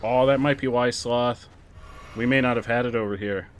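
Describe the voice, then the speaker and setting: A young adult man streaming a game, chatting casually with sudden excited outbursts. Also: mid-range voice, moderate pace, slight background noise. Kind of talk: casual gameplay commentary.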